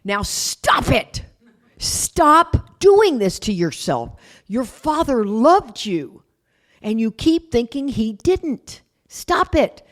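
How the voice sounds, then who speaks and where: A woman putting on a stern elderly stepmother, tough and loving, firm slow scolding, voice pitched a bit higher than her usual talk. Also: very animated.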